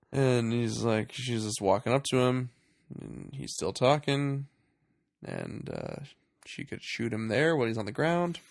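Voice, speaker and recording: Man, podcast co-host, lively swooping pitch, slightly gravelly, dry close mic, jokey movie recap. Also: measured pace, dry recording. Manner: animated, laughs often, acts out quoted lines in silly voices. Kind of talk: casual comedic movie recap chat.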